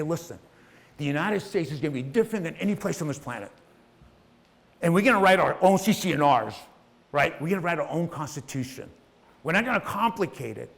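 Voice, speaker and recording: A middle-aged man giving an impassioned, preachy motivational speech, swinging between hushed and loud and swearing casually. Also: sits high. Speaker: motivational speaker.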